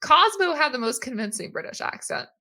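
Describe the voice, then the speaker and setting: Bright, gravelly-voiced woman co-host. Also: high voice, very animated, fairly quick. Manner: chatty, rambling, laughs often. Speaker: podcast co-host. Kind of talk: casual chat.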